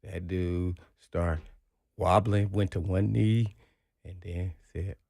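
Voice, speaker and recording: A man co-hosting sports talk radio, telling an animated story and acting out the quotes. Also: deep voice, takes it slowly, vocal fry, no room sound. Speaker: sports radio co-host, former player.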